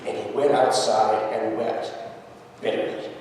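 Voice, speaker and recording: A man pastor preaching a sermon, telling the scripture story with lively acted-out quotes. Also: lowish voice, measured pace, slight background noise. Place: church sanctuary. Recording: echoey church hall from far off.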